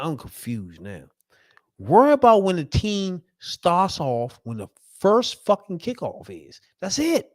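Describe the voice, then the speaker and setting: Man, fan-rant vlogger, lively swooping pitch, dry close sound, profane and emphatic. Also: no room sound.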